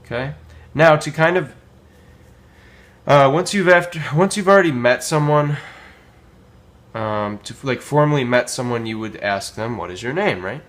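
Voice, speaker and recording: A man teaching a casual language lesson, modelling phrases slowly with many pauses and filler words. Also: mid-range voice, fairly bright tone. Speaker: Spanish teacher.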